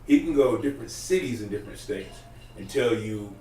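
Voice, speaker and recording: A man's voice: on the low side, expressive, a little fast, dark tone, recorded from a distance. A man chatting casually in a loose, profane, rambling way. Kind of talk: casual podcast chat. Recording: roomy, off-mic, faint room noise.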